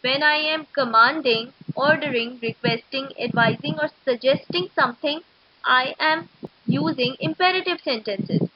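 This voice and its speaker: A woman teaching an English grammar lesson to schoolchildren, explaining slowly and methodically. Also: sits high. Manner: slow, explanatory, steady and methodical. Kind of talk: recorded classroom lecture. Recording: dull lo-fi recording.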